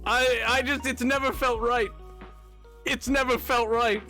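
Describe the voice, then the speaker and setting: A man's voice: extremely high pitch, steady tone, unhurried, bright, forceful tone, soft background music. A man streaming a game, chatting casually with his viewers while laughing a lot and stammering over his words. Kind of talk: casual game livestream chat.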